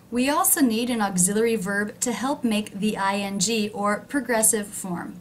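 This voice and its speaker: A woman teaching pronunciation in a scripted lesson, speaking clearly and slowing down to model example sentences. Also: mid-range voice, a little hiss or hum.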